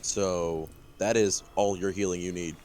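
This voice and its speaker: A man playing a tabletop role-playing game, tossing in quick offhand remarks. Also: sits low, fairly even intonation, a little mellow, slight background noise. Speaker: player. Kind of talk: casual tabletop role-play chat.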